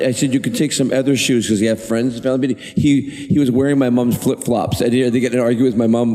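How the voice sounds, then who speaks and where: Man, panel guest, rambling storyteller, many restarts, mid pitch, long hall reverb. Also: fairly even intonation, fast, hardly any pauses, mellow. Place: large convention hall. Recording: echoey convention hall.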